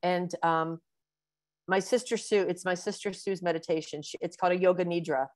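Low-voiced woman in her sixties, dry sound. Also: steady tone, normal speed, no room sound. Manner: warm, rambling explanations with many fillers. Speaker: breast cancer physician, guest. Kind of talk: webinar interview answer.

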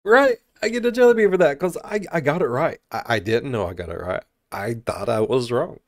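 Excitable, swearing reaction-video man. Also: mid-range voice, fairly quick, dry recording, clean studio sound. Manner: loud, excitable, swears freely. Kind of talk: casual reaction commentary.

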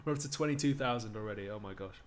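A man's voice: fairly low pitch, racing. A man live-streaming a Shakespeare reading for charity, breaking off for chatty, joking asides to his viewers.

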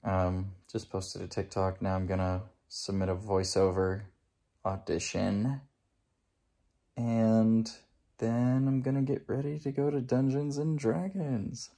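A man's voice: fairly low pitch, steady tone, slow pace, vocal fry, dark tone, dry recording. A young man talking casually in a vlog about his day and voice-acting auditions. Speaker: vlogger and voice actor.

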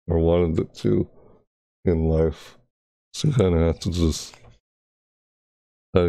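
Speaking into a close desk mic on a live stream, a young man rambles casually and repeats himself as he talks. His voice is deep and mellow with some vocal fry, and there's no echo.

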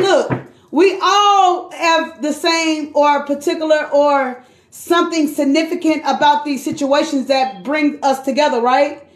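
A high-pitched woman gives a casual live tarot reading that's loose and chatty, full of cursing and calls of "queen" and "sis" to her listener. Her voice echoes around the room.

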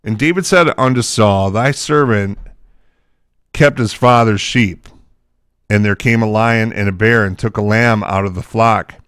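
A man's voice: on the low side, unhurried, a bit bright, smooth, dry recording, studio quality. A man teaching from the Bible, reading scripture aloud and breaking into casual, chatty asides.

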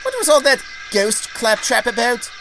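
A man voicing a flouncing, scornful female railcar, with loud music behind. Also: extremely high pitch, moderate pace, noisy background, voice pushed up. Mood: huffy.

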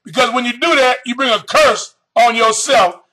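A man preaching with a very high, bright and forceful voice. He draws out scripture verses slowly, then punches key phrases in sudden shouts and throws questions straight at the congregation. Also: rough recording. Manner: fiery, reads scripture slowly then bursts into shouted emphasis; addresses the audience directly with questions. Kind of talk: sermon.

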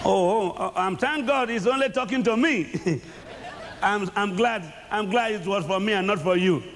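A man preaching a sermon to a live congregation in a large church hall. He speaks emphatically, gets the crowd to repeat phrases after him, and swings from shouts down to low tones. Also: moderate pace. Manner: bursts into shouts, then drops low. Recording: echoey hall with faint noise.

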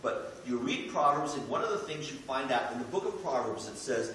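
Middle-aged male pastor, lively joking sermon delivery, bright voice, echoey sanctuary heard from a distance. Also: mid-range voice, brisk, hardly any pauses, a little hiss or hum. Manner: animated, joking, preacherly. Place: church sanctuary. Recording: echoey church hall, mic from a distance, faint ambience.

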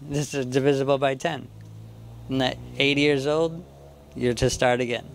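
A man giving an informal Bible teaching at a church, talking in a halting way with many restarts. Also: mid-range voice, fairly even intonation, a little hiss or hum. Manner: halting, restarts often, chuckles to himself.

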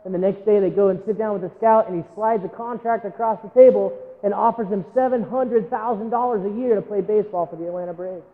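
A male pastor delivers a sermon in a church. He tells a story, acts out the quotes and turns to address the congregation. His high voice echoes through the sanctuary and sounds thin and phone-like. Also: fast, hardly any pauses. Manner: storytelling, acting out quotes, direct appeals to the congregation.

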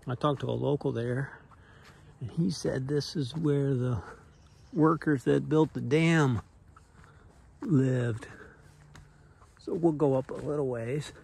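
A man's voice: medium pitch, slow pace, creaky, long pauses, a little mellow, breathy edge. A man vlogging as he hikes up an overgrown hillside trail, chatting to himself and getting out of breath. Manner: chatty, talking to himself as he climbs. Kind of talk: casual hiking commentary.

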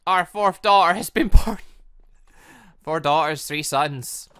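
A man's voice: on the high side, slow, pushed and bright, clean tone, no room sound. A young man chatting and joking through his Minecraft let's play, talking to the villagers in the game. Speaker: gaming YouTuber.

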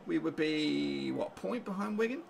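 A man giving live reaction commentary on a football match, urging his team on and getting excitable. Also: a little high, normal speed, vocal fry, a little hiss or hum. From England. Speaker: fan reaction streamer.

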